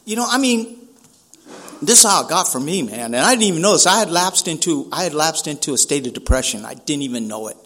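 Animated high-voiced man telling his story. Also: fast talker. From San Francisco. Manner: casual street talk, says "man" often, acts out dialogue. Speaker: speaker at a recovery meeting. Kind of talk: personal recovery talk, storytelling.

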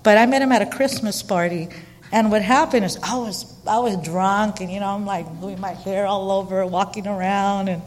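Woman, middle-aged, candid storytelling, chatty and animated, long reverb. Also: medium pitch, normal speed. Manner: chatty and animated, frequent fillers and quoted dialogue. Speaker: storyteller sharing her recovery story.

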